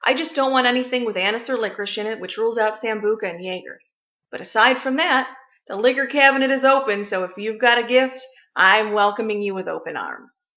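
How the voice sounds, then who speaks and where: A woman vlogger with a fairly high, bright, forceful voice speaks fairly quickly in a blunt, sarcastic, profane comic rant about gifts. The recording comes from an echoey room and sounds slightly dull.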